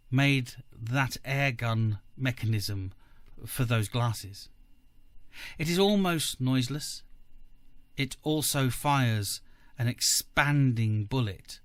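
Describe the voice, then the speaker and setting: Man doing a mad villain, taunting, slow and deliberate, sudden high leaps, dry close sound, storybook reading. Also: fairly bright tone, dry recording. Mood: cold menace. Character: genial, menacing madman villain, male.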